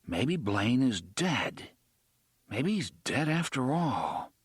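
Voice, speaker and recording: A man's voice: mid-range voice, very animated, takes it slowly, slightly rough, no room sound, studio quality, exaggerated voice. A man voicing a nervous, wisecracking young man who calls out tensely in an audiobook reading. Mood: brooding.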